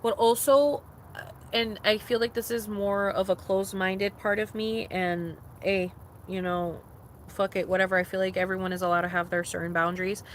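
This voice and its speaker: A woman's voice: mid-range voice, fairly even intonation, normal speed, a little hiss or hum. Blunt, profane young woman vlogger. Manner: blunt, profane, emphatic repetitions. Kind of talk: casual rant to camera.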